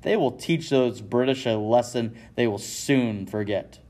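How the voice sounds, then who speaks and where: A man voicing an angry colonial merchant who shouts his indignation. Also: medium pitch, measured pace, natural voice. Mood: furious. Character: furious colonial merchant man, hot-tempered rebel.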